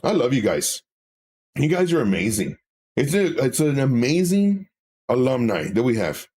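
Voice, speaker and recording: A man's voice: medium pitch, big pitch swings, normal speed, a little mellow, slightly rough. A man co-hosting a live stream, reading viewer comments and talking candidly, with many fillers and self-corrections.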